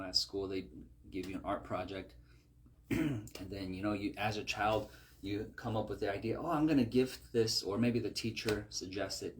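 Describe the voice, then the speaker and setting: A man preaching a conversational sermon, often asking "right?" as he talks. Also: on the low side.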